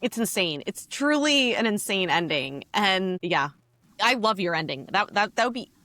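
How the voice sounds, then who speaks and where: A woman co-hosting a podcast, chatting excitably with many exclamations and restarts about TV drama endings. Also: medium pitch, moderate pace, no room sound. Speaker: podcast co-host.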